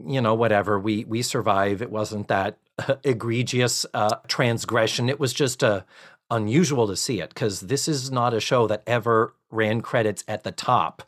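A man's voice: on the low side, moderate pace. A man co-hosting a podcast, casually recapping a sitcom episode and acting out the characters' lines with sarcasm. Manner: animated storyteller, acts out quoted lines with sarcasm.

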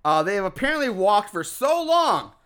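A man co-hosting a casual podcast, recapping a movie scene by scene in an animated, profane way and laughing often. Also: high voice, normal speed, clean tone. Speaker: podcast co-host recapping a film. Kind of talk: casual chat.

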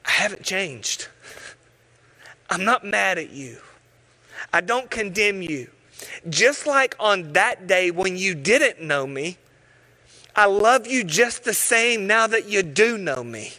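A man preaching a sermon, telling stories with animated voices and sometimes dropping to a hush. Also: high-pitched, slow. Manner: animated storytelling, acting out voices, dropping to hushed tones. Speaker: pastor.

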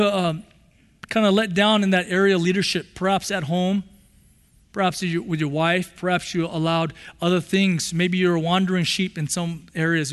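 A man's voice: sits high, smooth. A man pastor preaching a sermon in a church hall, impassioned and prone to repeating phrases. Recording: long hall reverb.

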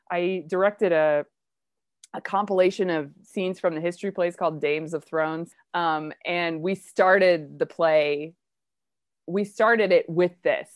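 Brief: enthusiastic woman host of a play discussion, low, dry voice. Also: no room sound. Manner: chatty and enthusiastic, with quick asides. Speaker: discussion leader of a play reading. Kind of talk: casual literary discussion.

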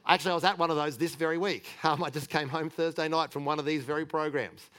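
A man's voice: a little high, steady tone, fast, a bit bright. A middle-aged man preaching in a chatty, candid way, telling personal stories with light laughs and restarts. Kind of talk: conversational sermon storytelling.

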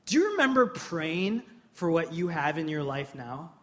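A man in his thirties preaching a sermon in church, telling funny personal stories and then acting out scenes with loud, impassioned energy. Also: fairly high pitch, sing-song, moderate pace. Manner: humorous storytelling, builds to loud impassioned acting-out. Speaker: pastor.

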